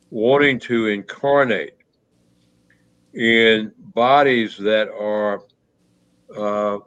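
Man, lower register, hesitant storyteller, muffled recording. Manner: halting, many restarts and fillers. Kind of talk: reflective conversational storytelling. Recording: muffled low-fidelity audio.

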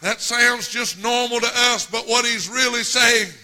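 A preacher man delivers a sermon in a deliberate, unhurried cadence. His voice sits very high and rings bright and piercing. He leans on repetition and frequent "uh" fillers as he builds each phrase.

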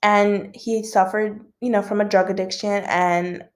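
A woman's voice: medium pitch, little pitch movement, a little slow. Young woman host, casual rambling gossip chat, filler-heavy. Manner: rambling, filler-heavy, yawns now and then.

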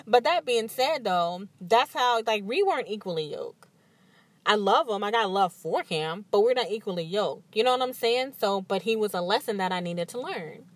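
A woman hosting a podcast, telling stories in an animated, candid way and acting out what others said. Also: medium pitch, normal speed, no echo. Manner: animated storytelling with acted-out quotes and frequent laughs; emphatic and candid. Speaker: podcast host. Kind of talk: casual monologue.

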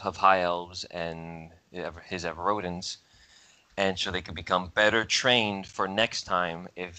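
Sex: man. Role: tabletop game player. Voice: very deep, clear and resonant, very bright. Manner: halting, filler-heavy. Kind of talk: casual game table chat.

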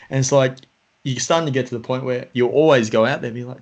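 A man's voice: mid-range voice, brisk. A middle-aged man hosting a podcast, chatting casually and rambling with many fillers. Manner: rambling, lots of fillers like "you know". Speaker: podcast host. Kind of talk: casual conversation. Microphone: home podcast microphone.

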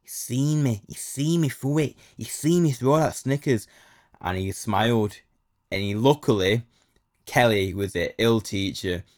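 A man's voice: mid-range voice, unhurried, a little mellow. A young man, telling a casual story full of slang and repeated phrases.

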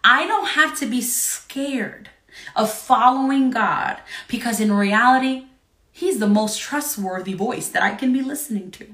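A woman's voice: a little high, measured pace, fairly bright tone, echoey room. A young woman giving an earnest, encouraging devotional talk to an online audience, laughing often between points. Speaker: preacher.

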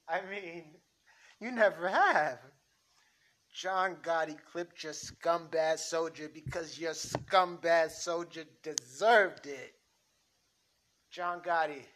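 A man reading as a loud, furious mob captain. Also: fairly high pitch, voice pushed up. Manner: loud, shouting, profane. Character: hot-tempered street-tough male mob captain. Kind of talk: amateur script reading.

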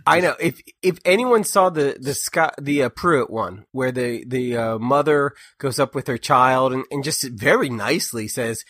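A man co-hosting a casual political podcast, talking in an animated way and mocking people by quoting them in put-on voices. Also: mid-range voice, moderate pace, few pauses, no room sound, studio quality. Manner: animated, mocks others in quoted voices. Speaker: podcast co-host.

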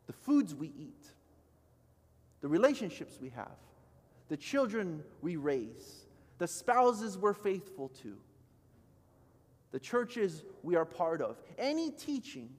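A pastor in his thirties, his voice a little high, preaches in a church sanctuary with a big-room sound. He tells a story through acted-out quotes, his volume swinging between loud and soft.

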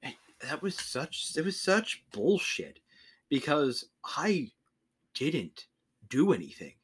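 A young man co-hosting a podcast chats casually and rants, swearing plenty along the way. His fairly high, slightly rough voice moves slowly but swings hugely in pitch.

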